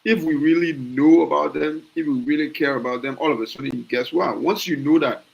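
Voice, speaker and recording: A man's voice: a little high, fairly quick, creaky, rough recording. A Liberian man with a Liberian accent talking casually on a podcast, passionate, often restarting phrases and asking rhetorical questions. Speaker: podcast host. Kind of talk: casual opinion talk.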